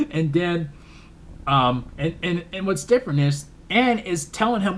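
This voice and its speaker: A man's voice: high voice, lively intonation, slow pace, pauses often. A man casually reviewing a movie, rambling, repeating himself and laughing often. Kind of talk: casual film review vlog.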